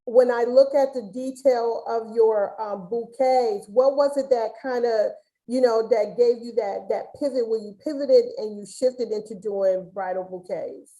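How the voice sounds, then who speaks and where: Chatty high-voiced woman host with a mellow tone. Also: measured pace, rough recording. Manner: chatty, rambling, many restarts. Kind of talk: casual webinar interview.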